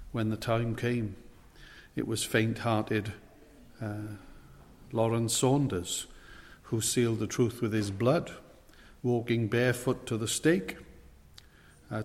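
A man preaching a sermon, earnest and emphatic, his voice rising as he leans into the questions he quotes. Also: on the low side. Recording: long hall reverb.

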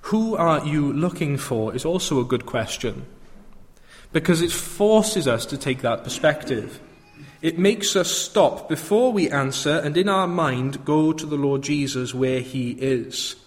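A man's voice: a little high, expressive, unhurried, long reverb tail. A male preacher giving an earnest sermon that rises to fervent proclamation.

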